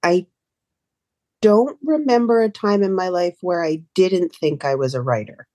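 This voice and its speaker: A woman guest, a writer and performer, telling animated stories in casual conversation and laughing often. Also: lowish voice, unhurried, dry recording.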